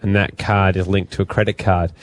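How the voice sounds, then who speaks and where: A man's voice: low-pitched, flat delivery, brisk. A man co-hosting a radio show in casual, joking banter, laughing often.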